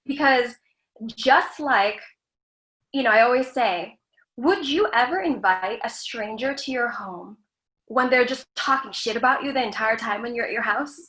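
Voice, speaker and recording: High-voiced woman in an echoey room. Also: normal speed, fairly bright tone. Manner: earnest, frank, lightly profane. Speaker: guest, screen actress. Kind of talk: candid self-help talk.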